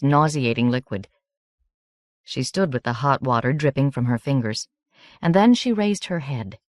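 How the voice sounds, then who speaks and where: A woman narrating a novel as an audiobook in a steady, measured reading. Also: low voice, dry recording, clean studio sound.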